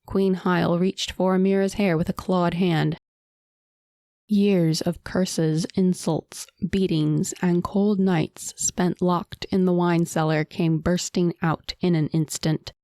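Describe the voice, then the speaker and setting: A woman narrating a fantasy audiobook in a measured, dramatic storytelling manner. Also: on the low side, little pitch movement, dark tone, no room sound, clean studio sound.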